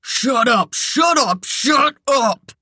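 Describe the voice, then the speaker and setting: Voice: mid-range voice, sing-song, slow pace, sharp tone, no room sound, full character voice. A reader voicing a menacing, obsessive man. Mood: raging. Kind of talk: audiobook character voice.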